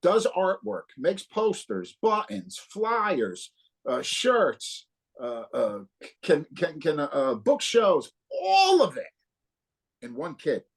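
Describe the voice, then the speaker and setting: A slightly high, slightly rough voice with vocal fry and a slow pace belongs to this guest guitarist, a New Jersey man in his fifties. In a relaxed interview he's an animated, profane storyteller who acts out the dialogue with lots of cursing.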